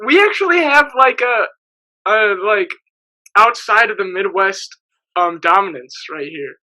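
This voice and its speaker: A man's voice: high-pitched, animated, a little slow, pushed and bright, rough recording. A man hosting a podcast in casual chat, with a playful, teasing manner. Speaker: podcast host.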